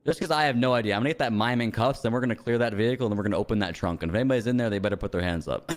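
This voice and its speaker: Man, role-play cop, rapid-fire delivery, excitable, profane. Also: medium pitch. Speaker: player as police officer.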